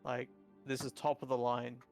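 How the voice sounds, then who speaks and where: A man's voice: mid-range voice, little pitch movement, moderate pace, gravelly, a little mellow, faint music behind. A man narrating a tabletop game as dungeon master, rambling with many fillers.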